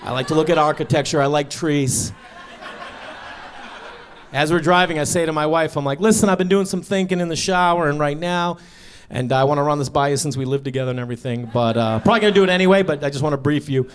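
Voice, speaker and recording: A man in his thirties doing stand-up storytelling on stage, acting out dialogue and shouting his punchlines. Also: a little high, fast talker. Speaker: stand-up comedian. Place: stage before a live audience.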